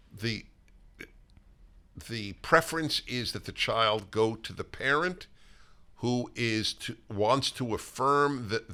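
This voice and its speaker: An older man hosting a political talk show conversation, emphatic and halting, with frequent restarts. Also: fairly low pitch, bright, forceful tone. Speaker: host.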